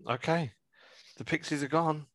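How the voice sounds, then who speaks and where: A man's voice: on the high side, no room sound. Teasing podcast host man. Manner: relaxed, laughs easily, teasing questions. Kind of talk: casual chat.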